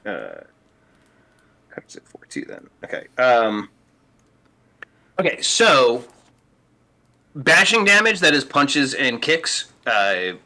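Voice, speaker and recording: A man's voice: medium pitch, wildly swooping pitch, takes it slowly, long pauses, bright, forceful tone. A man acting as game master, patiently explaining the rules of a tabletop role-playing game with plenty of fillers.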